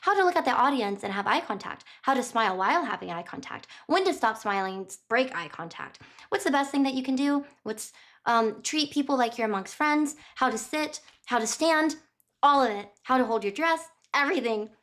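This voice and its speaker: Chatty streamer girl retelling a book, lotsa likes and ums, kinda high pitched. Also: animated, brisk, a bit bright. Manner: rambling, lots of "like" and "um"; giggly and apologetic.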